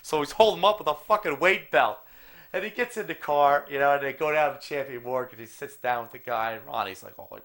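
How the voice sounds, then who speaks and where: A man's voice: medium pitch, a little fast, fairly bright tone. Profane rambling storyteller, a man. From New Jersey. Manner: rambling, profane, heavy with "like, you know". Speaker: storyteller among friends. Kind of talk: casual anecdote telling.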